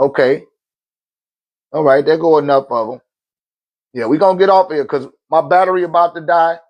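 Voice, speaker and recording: A man's voice: a little high, normal speed, dull audio. A man hosting a phone livestream, preaching in a casual, slangy way and laughing often between points. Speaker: livestream host.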